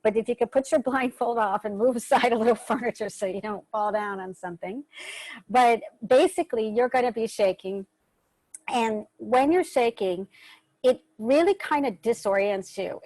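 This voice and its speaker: A woman's voice: mid-range voice, no room sound, poor audio. A woman hosting an online workshop over a video call, giving casual spoken instructions in a loose, chatty way with the odd swear word. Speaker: workshop host.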